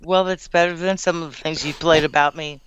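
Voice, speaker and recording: A woman's voice: low-pitched, fairly even intonation, brisk, clear, resonant tone, rough recording. A woman co-hosting a morning radio show, answering with short, dry, teasing replies. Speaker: radio co-host. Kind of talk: casual on-air banter.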